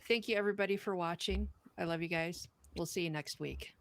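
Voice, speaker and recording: Low gravelly woman podcast host. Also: brisk, no room sound. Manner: earnest, blunt, swears. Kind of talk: poem reading then casual chat.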